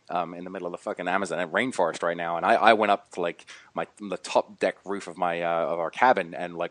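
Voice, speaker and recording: Deep-voiced man telling a rambling story. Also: a bit bright, dry recording. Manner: rambling, many fillers and restarts. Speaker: podcast guest. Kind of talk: casual storytelling.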